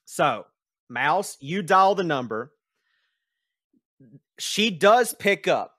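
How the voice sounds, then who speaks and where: A man's voice: high voice, big pitch swings, extremely slow, fairly bright tone, dry recording, studio quality. A man running a tabletop game as game master, narrating hesitantly and joking about his own voice acting. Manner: hesitant, self-deprecating.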